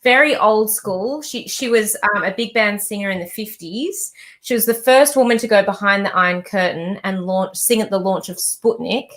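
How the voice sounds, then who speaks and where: A woman's voice: mid-range voice, normal speed, fairly bright tone. A woman, a musician guest, telling stories in a casual chat and swearing casually. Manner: chatty storyteller, swears casually.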